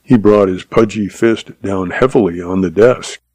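A man reading a Western story aloud as narrator, in steady, measured storytelling. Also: deep voice, no room sound, poor audio. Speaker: audiobook narrator.

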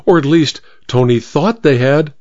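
A woman's voice: low-pitched, a little slow, a little mellow, no echo, lo-fi sound. A man voicing a composed, matter-of-fact duchess in a radio mystery reading.

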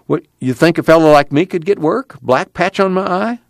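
Brief: man reading as a sorry-for-himself one-eyed loner, whining, lively swings in pitch. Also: normal speed, vocal fry, no room sound, studio quality. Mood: bitter. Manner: whiny, complaining drawl. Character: self-pitying one-eyed man, bitter and weepy.

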